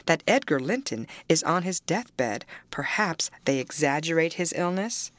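A woman's voice: sits low, big pitch swings, normal speed, a bit bright, dry recording. A woman reading the part of a harsh, mocking middle-aged man with curbed ferocity in an audiobook. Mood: scornful. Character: harsh, scornful middle-aged male landowner.

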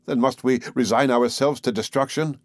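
A man's voice: mid-range voice, steady tone, moderate pace, no room sound, studio quality, close to an everyday voice. A man voicing an anxious, desperate young man in an audiobook, speaking in pleading, urgent outbursts. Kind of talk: audiobook character reading.

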